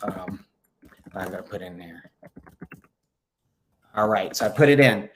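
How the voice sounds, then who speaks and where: A man's voice: low voice, measured pace, noisy background. A man hosting a spiritual direction livestream in casual chat, reading viewer comments aloud with many fillers and upbeat encouragement.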